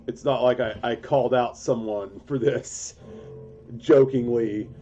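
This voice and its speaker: A man's voice: medium pitch, unhurried. A male gaming streamer in a casual, chatty live commentary, congested and coughing from a cold. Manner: relaxed, chatty, self-mocking jokes. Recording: dull lo-fi stream audio with game music. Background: game music.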